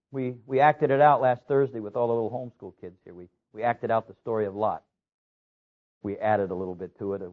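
Pastor guy preaching hard, gets loud and high on the big lines, sounds like an old phone-quality tape. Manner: emphatic preaching, climbing to loud peaks. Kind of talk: sermon.

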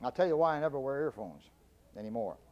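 A middle-aged man giving a humorous storytelling speech, folksy and animated, stammering and repeating himself for effect. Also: medium pitch, fast, highs cut off. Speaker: public speaker.

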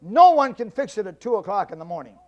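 A man quoting his exasperated wife in a raised, sharp tone. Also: high-pitched, very animated, quick pace. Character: exasperated sleepy wife, middle-aged woman.

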